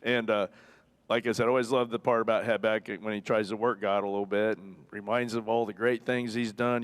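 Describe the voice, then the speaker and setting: A man's voice: lowish voice, level tone, brisk, clean tone. A man preaching a conversational sermon as pastor, joking and acting out the people he quotes. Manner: conversational, jokey, acts out quoted voices. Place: church.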